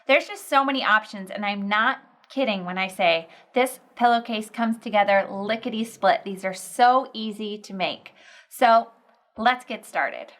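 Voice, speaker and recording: A woman's voice: mid-range voice, measured pace, fairly bright tone. A woman in her thirties hosting a sewing tutorial, chatty and encouraging as she walks through a project. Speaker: sewing instructor and show host.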